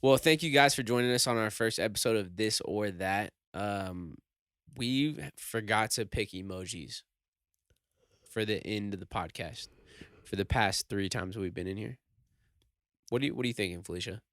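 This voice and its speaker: A young man hosts a podcast in a laid-back, teasing manner, tossing out short dry replies. His voice sits fairly low and sounds smooth and clear. The recording is close and dry. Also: moderate pace, fairly bright tone, no echo. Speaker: podcast co-host. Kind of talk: casual podcast chat.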